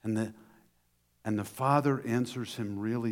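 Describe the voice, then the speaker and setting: Man preacher, mid-pitched, lively storyteller, hall with long reverb. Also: moderate pace, pauses often. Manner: animated storytelling with restarts. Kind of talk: sermon.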